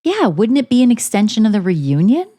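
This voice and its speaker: A woman co-hosting a podcast, chatting casually in a crude, joking, animated way. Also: medium pitch, brisk. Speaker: podcast co-host. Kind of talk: casual chat.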